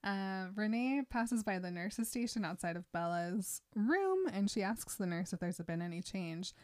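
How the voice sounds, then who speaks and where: A woman co-hosting a casual chat, recapping a book chapter. She tells the story in a chatty, giggly way at a moderate, everyday pitch. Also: lively intonation, measured pace, darkish tone.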